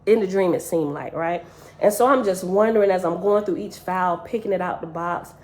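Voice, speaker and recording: A woman's voice: fairly low pitch, brisk, darkish tone. A woman telling a dream story to her listeners in an earnest, emotional way, speaking to them directly.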